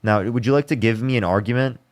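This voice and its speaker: A man's voice: medium pitch, fast, no echo. A man hosting a live online debate, pressing insistently and repeating his demands. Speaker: debate livestream host.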